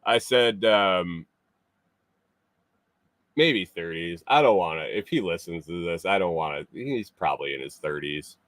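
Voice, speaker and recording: A man's voice: deep voice, animated, measured pace, fairly bright tone, no room sound. A man hosting a morning show, telling a casual story in a rambling way with many fillers and restarts.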